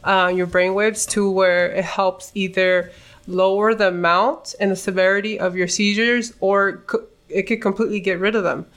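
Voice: mid-range voice, fairly even intonation, moderate pace, fairly bright tone, clear, resonant tone. A podcast guest speaking plainly and candidly, dropping Spanish phrases here and there. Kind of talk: casual podcast chat.

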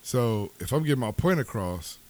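A man in a casual chat among friends, laid-back and slangy, who says he talks low by nature. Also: expressive, normal speed, darkish tone, dry recording.

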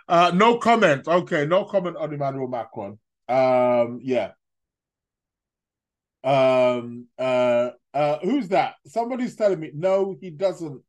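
Guy rambling on a live stream, bit high voiced, stammers and laughs a lot. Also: slow pace, long pauses. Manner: rambling, stammers and restarts, laughs at own jokes. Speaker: astrology live-stream host. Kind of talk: casual live-stream chat.

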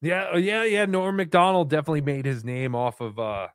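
A man's voice: a little high, a little fast, clean tone, no echo. A man hosting a live stream, casually playing callers' voicemails and chatting about them. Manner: easygoing, swears casually.

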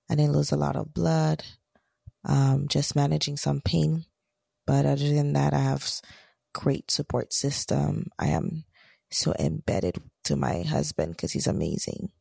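A woman co-hosting a podcast, talking softly and slowly in casual chat while recovering from surgery. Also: sits low, gravelly, no echo, clean studio sound. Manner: soft-spoken, recovering from surgery. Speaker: podcast co-host.

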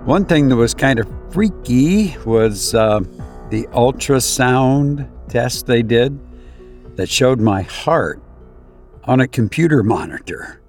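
A man hosting a podcast, telling a personal story to his listeners in a halting way, often repeating words and rising in pitch when he acts out his panic. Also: animated, a little mellow, faint music behind. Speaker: podcast host.

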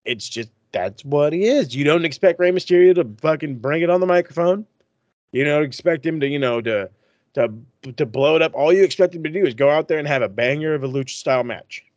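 A man's voice: on the high side, animated, brisk, darkish tone, no room sound, lo-fi sound. A man co-hosting a casual wrestling chat, talking in an emphatic, profane way. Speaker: podcast co-host.

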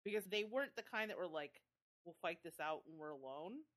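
A woman co-hosting a horror podcast, chatting casually in an expressive, slangy way and laughing easily. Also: fairly low pitch, brisk. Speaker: podcast co-host. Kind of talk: casual chat.

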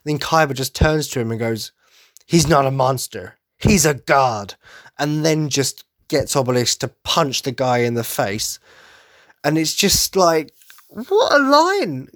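A man's voice: medium pitch, no room sound, clean studio sound. A young man, gushing enthusiastically in a casual solo podcast monologue. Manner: enthusiastic fan gushing, quick asides. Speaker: podcast host.

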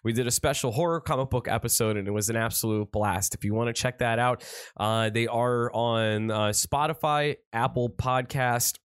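A man's voice: medium pitch, fairly even intonation, moderate pace, smooth, no echo, clean studio sound. A man co-hosting a podcast in loose, joking casual chat, swearing now and then. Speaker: podcast co-host. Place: Buffalo, New York.

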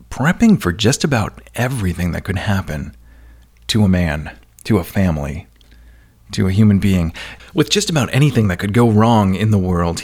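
A man's voice: lowish voice, a little mellow. A male podcast host chatting casually with a guest, laughing easily and rambling loosely. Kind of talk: casual interview chat.

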